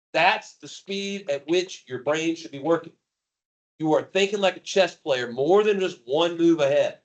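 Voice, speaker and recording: A man teaching a high school math class live, joking and calling on students by name. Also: moderate pace.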